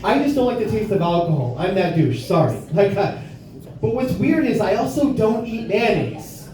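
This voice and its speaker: A man's voice: sits high, very animated, moderate pace, darkish tone, heavy reverb. A young adult man doing a brash, profane stand-up set in a bar, recorded live from a distance. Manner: brash, profane, self-mocking. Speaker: stand-up comedian. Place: bar comedy stage with live audience.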